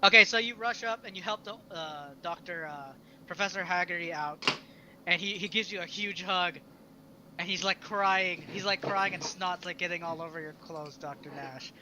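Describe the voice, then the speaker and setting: A man's voice: high voice, normal speed, noisy background. A man narrating as game master in a tabletop game, chatty and loose, scattering "like" through his lines.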